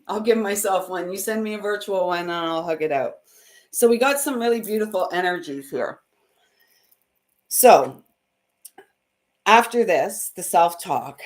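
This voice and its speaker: Emotional woman giving a spiritual card reading. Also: fairly low pitch. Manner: heartfelt and emotional, laughs often; swings between soft and loud. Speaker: intuitive reader and host.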